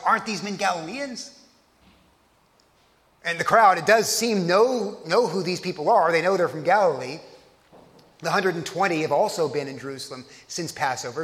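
A man's voice: high voice, a bit bright, big-room sound. A man from Texas, preaching a conversational sermon as pastor, often restarting his phrases.

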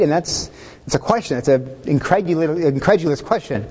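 A man's voice: fairly high pitch, lively intonation, a little fast, a little mellow, breathy edge, long reverb tail. A male pastor preaching a sermon in a conversational way, asking the listeners questions and chuckling now and then.

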